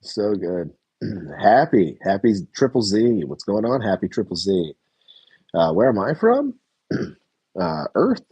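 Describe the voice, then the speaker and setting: A low, husky man talks through a reality TV episode in loose, rambling chat. He corrects himself mid-sentence and drops the odd curse with a chuckle. The recording is dry and close. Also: sing-song, slow pace, long pauses, mellow, no room sound, lo-fi sound. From United States. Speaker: reality TV reviewer. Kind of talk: casual reaction review chat.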